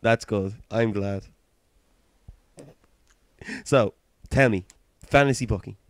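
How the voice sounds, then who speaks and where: A man's voice: on the low side, slow pace, no echo. A British man co-hosting a podcast in casual chat, playful and teasing. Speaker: podcast co-host.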